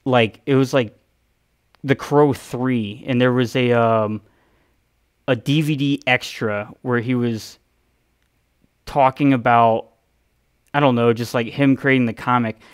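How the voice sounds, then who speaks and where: A male streamer rambles through a story, swearing and breaking off his own sentences as he goes. His voice sits at a middle pitch. The sound is dry, with no room echo. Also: steady tone, slow, long pauses, smooth. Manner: rambling, profane, self-interrupting. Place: home streaming setup.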